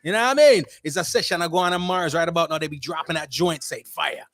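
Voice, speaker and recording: Fast-talking, high-voiced radio host man. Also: no echo. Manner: lively shout-outs heavy with slang; slips into Caribbean-style patois for fun. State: a little under the weather. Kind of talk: energetic radio DJ chat. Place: at home, remote broadcast.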